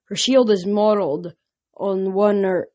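A woman's voice: mid-range voice, steady tone, unhurried, darkish tone, muffled recording. A woman reading a novel aloud, narrating in an unpolished way with frequent slips and restarts. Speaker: reader.

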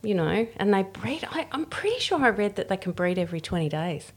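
A middle-aged woman in casual, chatty conversation, easygoing and quick to laugh, recorded in a hotel room. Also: medium pitch, sing-song. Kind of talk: casual chat.

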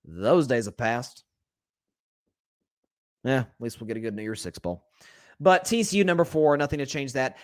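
On his solo sports talk podcast, a man with a voice on the high side gives opinionated, candid takes. He talks straight to his listeners as folks, conversational and quick to correct himself mid-thought. The recording is dry and studio quality.

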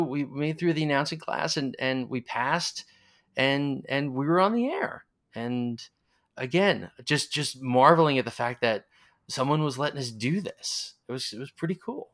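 A man's voice: medium pitch, lively intonation, normal speed, a bit bright. A man in his forties with a Long Island accent, rambling as he tells nostalgic stories in a casual interview. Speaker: interviewee, former college radio announcer.

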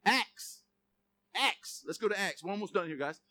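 A male pastor giving a sermon in a lively, joking way, reading scripture aloud. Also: high voice, moderate pace.

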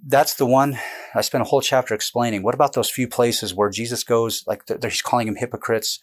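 An animated man talks through his ideas as an interview guest, racing ahead in quick bursts and doubling back to restart his sentences. His voice sits at an ordinary middle pitch, and the tone stays casual and explanatory. He is recorded indoors with a camera close by.

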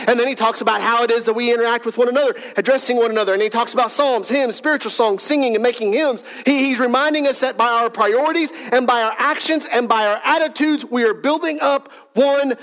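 High-voiced preacher asking rhetorical questions. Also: male voice, fairly quick, few pauses, a bit bright, low-quality recording. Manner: conversational preaching with rhetorical questions and humorous asides; repetitive emphatic lists. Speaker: pastor. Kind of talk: sermon.

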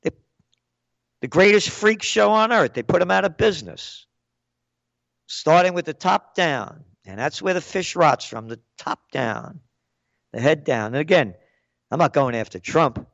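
A man's voice: medium pitch, creaky, no echo. An older man giving an angry, sarcastic political rant as a commentator, punchy and blunt, in a dull, dry recording.

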